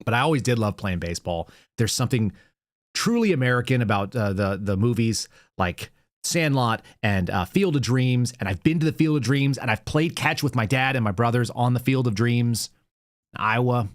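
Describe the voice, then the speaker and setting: A man's voice: mid-range voice, lively intonation, moderate pace, dry recording, clean studio sound. Sarcastic man hosting commentary. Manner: sarcastic, rambling. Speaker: show host. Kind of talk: casual political commentary.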